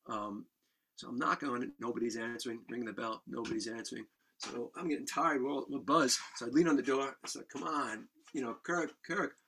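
Gravelly, bright-voiced man telling a rowdy story. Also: mid-range voice, fast talker, slight background noise. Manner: animated, swearing, laughing storyteller. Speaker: podcast guest, musician. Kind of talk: casual storytelling.

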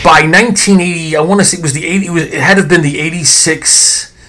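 A middle-aged man hosting a podcast, telling nostalgic stories in a rambling, animated way full of fillers and restarts. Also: a little high, quick pace, over music. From American South. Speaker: podcast host. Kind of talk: casual nostalgic storytelling.

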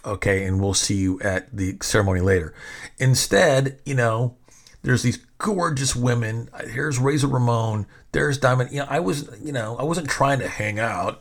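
A man's voice: on the low side, a bit bright. A middle-aged man telling stories in a casual, rambling way, with lots of swearing, restarts and quoted voices. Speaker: storyteller recalling wrestling events. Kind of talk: casual storytelling.

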